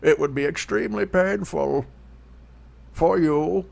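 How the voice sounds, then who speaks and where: A man doing a masked villain, slow and menacing. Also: on the high side, gravelly, a little mellow, pitched above the performer's own voice, full character voice.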